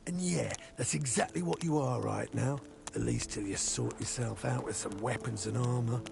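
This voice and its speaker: An actor playing a sly, cocky male convict hunter in a video game, with a gravelly voice and rough slang. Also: mid-range voice, normal speed. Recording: game music behind.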